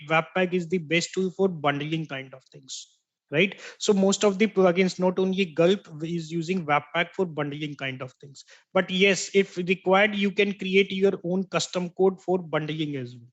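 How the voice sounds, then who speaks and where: Male tech trainer with a high voice, explains patiently, repeats key terms, keeps asking "right?". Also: lo-fi sound. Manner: explanatory, checks in with "right?" after each point. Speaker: software instructor. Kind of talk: online tech training lecture.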